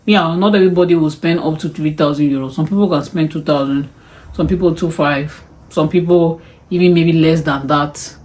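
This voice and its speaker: A woman's casual cost rundown to camera comes in a low-pitched, darkish voice at normal speed with fairly even intonation. Chatty throughout, she exclaims and sighs as she goes over what things cost her.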